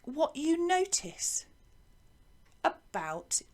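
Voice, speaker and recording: A woman teaching a music lesson to young children, asking lots of questions in a slow, lively way. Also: high voice. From England. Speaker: primary school music teacher.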